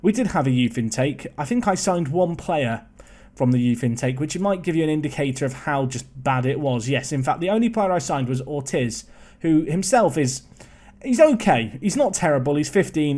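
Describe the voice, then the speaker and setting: A young man giving casual, chatty commentary on a football management game, excitable and prone to rambling asides. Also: a little high, moderate pace.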